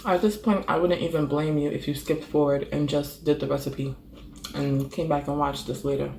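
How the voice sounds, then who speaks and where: Chatty woman eating on camera, gravelly. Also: low-pitched, steady tone, normal speed, a little mellow, echoey room, slight background noise. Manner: chatty, savoring with frequent mm sounds between bites. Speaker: food vlogger. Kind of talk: casual mukbang eating vlog.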